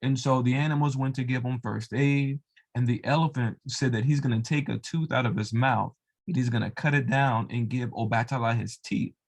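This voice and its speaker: A man's voice: medium pitch, steady tone, normal speed. A man retelling a devotional folk tale in a loose, casual way, with lots of fillers and asides. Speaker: storyteller of religious tales. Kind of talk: casual oral storytelling.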